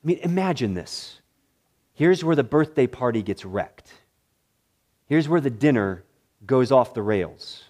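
A male pastor preaching a sermon, swinging between loud excitement and hushed, somber tones, with deliberate repeated phrases. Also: medium pitch.

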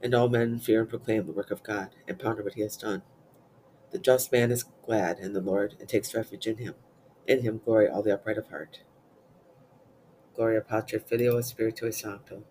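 A man with a fairly low voice recites psalms and prayers in an even, measured cadence. His reading is unhurried and devotional. A faint hiss sits under the recording. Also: low-quality recording. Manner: steady measured chanting-like recitation. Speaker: prayer reader.

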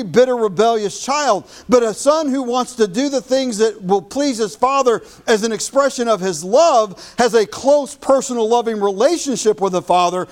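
A male pastor delivers a sermon in a high-pitched voice. He slows down to stress his key phrases.

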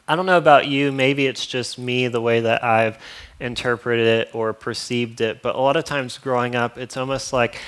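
A man delivering a sermon in a mid-range voice. He is earnest but teasing, slipping in sarcastic asides and little chuckles. His volume swings from loud, pressing emphasis down to quiet, hushed lines. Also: mid-range voice. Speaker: preacher.

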